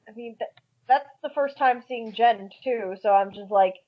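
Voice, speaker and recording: A high-voiced woman tells an excitable story and swears along the way. Her mic sounds muffled. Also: normal speed. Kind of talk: casual group chat.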